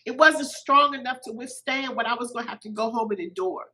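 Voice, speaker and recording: A middle-aged woman, a podcast guest, telling a personal story in an animated way, a little teary-eyed. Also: a little high, brisk, low-quality recording. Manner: animated, acts out quoted voices.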